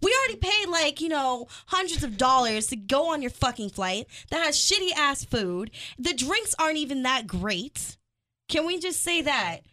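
A woman's voice: high-pitched, big pitch swings, moderate pace, sharp tone. A woman hosting a radio chat show, brash and profane. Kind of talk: casual chat.

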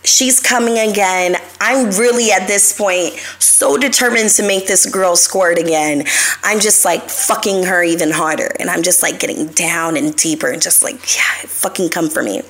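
A woman's voice: on the low side, normal speed, fairly bright tone. A young adult woman hosting a live show, telling stories in a casual, confessional way, swearing freely and talking straight to her listeners.

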